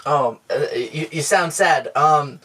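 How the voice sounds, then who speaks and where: A man co-hosting a comedy podcast, deadpan and mock-reassuring, with frequent stammers. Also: on the high side, takes it slowly, breathy edge. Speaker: podcast co-host.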